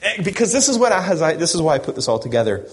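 Delivering a sermon with Bible reading at a rapid-fire pace, this pastor has a fairly high voice that swings widely in pitch. He interrupts the scripture with jokes and chuckles.

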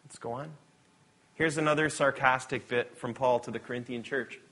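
A man preaching a sermon, reading scripture aloud and moving between loud, emphatic passages and quiet asides. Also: mid-range voice, fairly even intonation, normal speed.

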